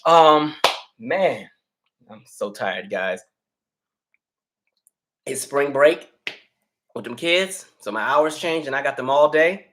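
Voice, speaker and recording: A man's voice: on the high side, slow pace. Male host doing laid-back live chat with viewers, slightly winded, easygoing delivery. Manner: relaxed, chatty, reads viewer names aloud. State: out of breath. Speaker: livestream host. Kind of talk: casual livestream chat.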